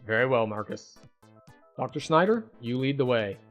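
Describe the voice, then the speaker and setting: A gamer voicing a dry, practical adult male adventurer-professor in a low, flat reading of his lines from a point-and-click game. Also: normal speed, highs cut off, soft background music, natural voice.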